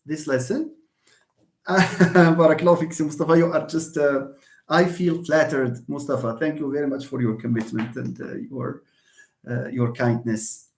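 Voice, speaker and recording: A man with a Moroccan accent, a native Moroccan Arabic speaker, teaching an animated live English lesson and acting out his examples. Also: a little high. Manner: animated, mixes English and Arabic, acts out stress examples with a laugh. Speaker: English lecturer. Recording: roomy echo.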